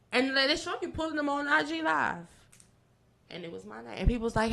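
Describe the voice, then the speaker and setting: A woman, guest on a podcast, telling a long story in an excitable, animated way. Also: a little fast, vocal fry. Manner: animated, excitable storytelling with big pitch jumps and profanity. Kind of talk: storytelling in casual chat.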